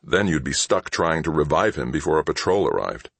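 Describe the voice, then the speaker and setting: A man playing a sardonic spacefarer who threatens in an easy, conversational way, in a very deep voice. His lines rise and fall with lively inflection, recorded close and dry. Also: brisk, gravelly, no echo, exaggerated voice. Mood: calm menace. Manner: conversational, dryly mocking threats. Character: cool, menacing male shipmaster, sardonic and unhurried. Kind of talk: audiobook character voice.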